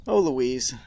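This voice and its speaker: A podcast host with a medium-pitched, creaky, warm voice recaps a horror episode. He peppers the summary with sarcastic, mock-outraged asides.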